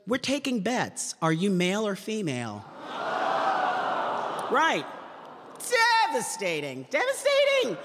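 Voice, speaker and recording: A woman in her sixties, a comedian giving an animated, chatty storytelling talk to an audience in a lecture hall. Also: lowish voice. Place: lecture hall at a public forum. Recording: reverberant hall sound.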